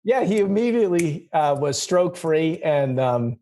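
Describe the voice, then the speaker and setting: A man in a casual interview, a former car salesman sharing stories with many pauses and fillers. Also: on the high side, expressive, mellow. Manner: hesitant, many fillers, laughs easily. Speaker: guest, car dealer.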